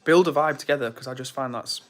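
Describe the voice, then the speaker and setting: Young male streamer, casual and chatty, bright voice, mid pitch. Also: fast talker, faint music behind. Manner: chatty, reads viewer comments aloud. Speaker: live streamer. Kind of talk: casual live-stream chat.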